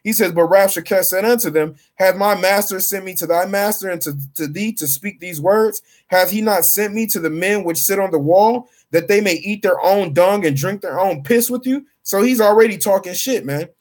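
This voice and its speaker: Male bible teacher, higher pitch, loose slangy delivery between scripture readings. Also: normal speed, hardly any pauses. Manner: casual, slangy, reads scripture then paraphrases. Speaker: street preacher.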